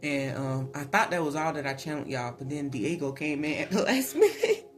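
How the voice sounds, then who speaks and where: A man giving a casual spiritual tarot reading, chatty, laughing often and filling pauses with ums. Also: on the high side, animated. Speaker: tarot reader. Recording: voice over clear background music.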